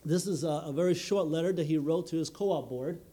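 A man preaching a sermon in an earnest, measured way, often filling pauses with "you know". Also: on the high side, mellow.

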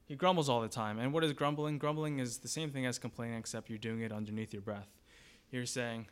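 A man's voice: medium pitch, steady tone, a little fast, a little hiss or hum. A man preaching a sermon as pastor, in a conversational way, asking the congregation questions and briefly acting out grumbling voices.

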